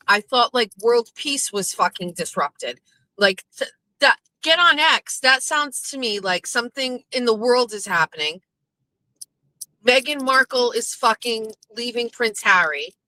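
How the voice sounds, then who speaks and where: A woman chats to her audience as host, swearing freely and tossing in animated asides. Her voice is bright and tense. The sound is close and dry, with no room around it. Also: medium pitch, no room sound, rough recording. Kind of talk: casual chat.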